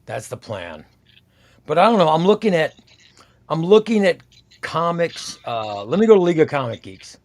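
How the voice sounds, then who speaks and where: A man's voice: fairly high pitch, sing-song. A man hosting a casual comics chat, reading out titles and deciding which to buy. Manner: reads titles aloud and decides quickly. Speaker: comic show host.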